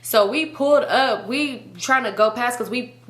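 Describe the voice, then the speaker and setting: A woman's voice: fairly high pitch, normal speed, a bit bright. A woman hosting a storytime video, telling a story in a casual, slangy and profane way and acting out what people said. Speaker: storytime channel host. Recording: roomy echo.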